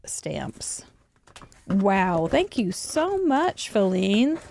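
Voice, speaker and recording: A woman hosting a crafting show, chatting warmly about mail and cards with frequent little laughs. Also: medium pitch, very animated, very slow, gravelly, a little hiss or hum. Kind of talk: casual chat over a card slideshow. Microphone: desk microphone.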